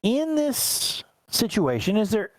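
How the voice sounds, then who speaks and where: A man narrating as game master of a tabletop game, describing scenes in a relaxed, rambling way. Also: sits high, takes it slowly, no echo, low-quality recording.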